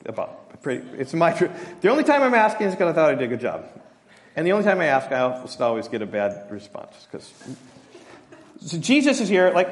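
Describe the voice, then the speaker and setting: Speaking a little fast in a fairly high voice, a middle-aged pastor gives a relaxed expository sermon. He pokes fun at himself and performs the quotes he cites, all echoing with long hall reverb.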